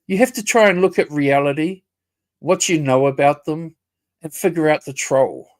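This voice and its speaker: A man's voice: fairly high pitch, moderate pace. A man ranting confrontationally on a casual livestream, swearing and repeating himself. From New Zealand.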